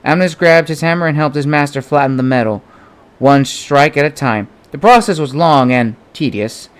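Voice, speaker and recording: Fairly high-pitched and moderately paced, this man reads his own novel aloud as an audiobook. His narration stays steady, with slight vocal changes for the characters.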